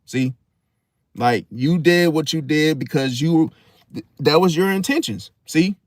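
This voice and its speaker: A man's voice: a little high, unhurried, no echo, studio quality. A man hosting an astrology talk in a casual monologue, preachy and repeating "see?" while acting out quoted apologies. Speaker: astrology channel host.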